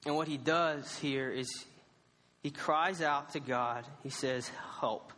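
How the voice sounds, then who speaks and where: High, bright young man preaching in a hall. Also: slow pace. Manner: casual storytelling, animated, laughs at himself. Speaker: youth pastor. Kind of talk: sermon. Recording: reverberant hall.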